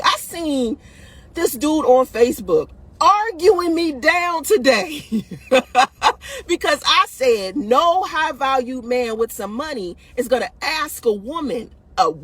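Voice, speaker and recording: A woman's voice: high voice, a bit bright, breathy edge. A woman hosting a video, giving dating advice in blunt, profane casual talk, laughing often and tossing "listen" and "right?" at her audience.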